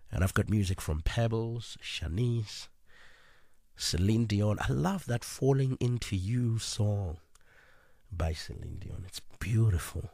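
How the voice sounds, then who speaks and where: Lively-voiced late-night radio DJ man. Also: mid-range voice, no echo, studio quality. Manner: chatty, with filler pauses. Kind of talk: casual radio presenting.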